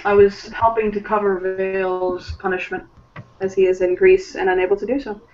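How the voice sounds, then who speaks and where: A man's voice: high-pitched, level tone, moderate pace, darkish tone. A man playing in an online tabletop role-play, who describes his character with many fillers and laughs often. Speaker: player. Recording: muffled voice chat from a distance.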